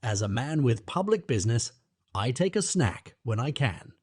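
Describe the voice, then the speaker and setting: A man's voice: medium pitch, sing-song, moderate pace, a little mellow, slightly rough, no room sound, clean studio sound. A man reading the part of a pompous, sonorous auctioneer who loves long words, in an audiobook. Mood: self-satisfied. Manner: grandiloquent, fond of long words. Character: pompous sonorous middle-aged male auctioneer.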